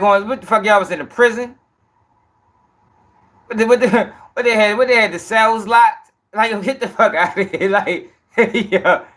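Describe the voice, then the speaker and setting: High-pitched dude laughing and cussing over a news clip, clowning the story. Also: male voice. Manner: loud, laughing, profane and mocking. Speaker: commentary host. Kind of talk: reaction commentary on a news clip.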